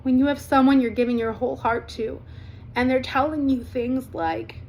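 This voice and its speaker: A woman in her forties talking candidly to camera as a vlogger, blunt and animated, swearing freely. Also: sits high, normal speed. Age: 40s.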